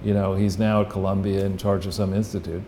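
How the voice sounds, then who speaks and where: A man's voice: low voice, little pitch movement, quick pace, dark tone, slight background noise. A man giving casual political analysis as a guest, talking bluntly with restarts and the odd profanity.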